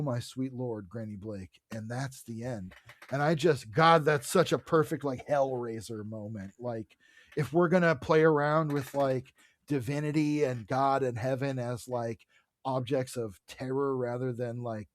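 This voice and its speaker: A man in casual chat, recapping with eager energy and frequent fillers. His voice sits at an ordinary middle pitch. The recording is dry and close, with no room sound. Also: no room sound. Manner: enthusiastic retelling, many fillers. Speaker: podcast co-host. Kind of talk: casual chat about comics.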